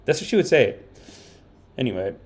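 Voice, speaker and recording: A man hosting a casual comedy podcast stream, rambling and animated, with the odd curse. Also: medium pitch, a little fast. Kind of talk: casual livestream commentary.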